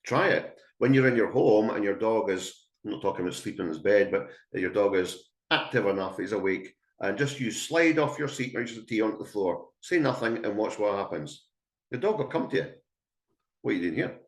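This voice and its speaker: A Scottish dog trainer with a lowish, expressive voice speaks a little fast in a reverberant indoor room. He gives a chatty, emphatic webinar talk to a live audience and acts out calls to a dog.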